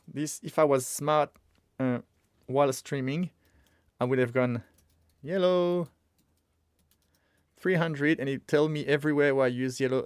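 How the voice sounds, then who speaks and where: A man's voice: a little high, no room sound, clean studio sound. A man streaming as he codes, talking casually and muttering to himself while he works. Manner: thinks aloud, mutters to himself while working. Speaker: streamer coding live. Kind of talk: casual live-coding stream.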